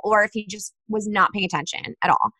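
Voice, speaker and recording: A woman's voice: mid-range voice, fairly quick, no echo. A young woman telling a dating story in casual chat, acting out the texts she got and sent. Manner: animated storyteller, acts out texts in quoted voices.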